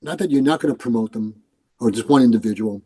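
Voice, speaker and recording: With a medium pitch, a breathy edge and a fast pace, the older New Yorker and retired police commander relates stories in a casual interview. He brings them to life by acting out quoted voices, over a low-quality recording.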